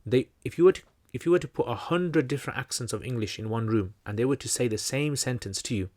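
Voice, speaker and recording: A man's voice: mid-range voice, fast talker, a little mellow. A man hosting a livestream Q&A, teaching in a loose, conversational way, full of fillers and restarts. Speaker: channel host answering questions.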